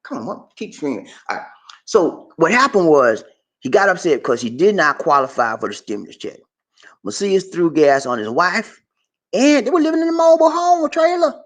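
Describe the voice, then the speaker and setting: A man hosting animated, joking commentary on a news story, talking straight to his audience and repeating himself. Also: high voice, moderate pace. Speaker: host.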